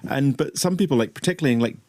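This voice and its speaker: A man with a Highland Scottish accent chatting as a panel guest, telling good-humoured stories. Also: very fast, a little mellow, dry recording. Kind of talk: casual chat.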